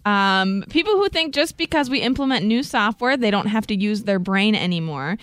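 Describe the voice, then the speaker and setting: A woman's voice: mid-range voice, expressive, normal speed, a bit bright, smooth, dry recording. A woman co-hosting a morning radio show, reading texts and giving short, dry replies. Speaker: radio co-host. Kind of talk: casual radio banter. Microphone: studio microphone.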